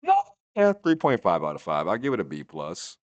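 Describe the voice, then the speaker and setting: A man's voice: sits low, wildly swooping pitch, brisk, dry recording. A man in his twenties giving a rambling, profane, casual recap of a wrestling show. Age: 20s. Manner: rambling, profane, laid-back.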